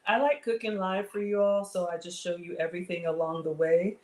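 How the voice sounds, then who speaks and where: A woman's voice: fairly low pitch, steady tone, brisk, darkish tone, reverberant. A middle-aged woman, hosting a live cooking stream and chatting casually with viewers, reading their comments aloud. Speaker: livestream cooking host. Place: home kitchen.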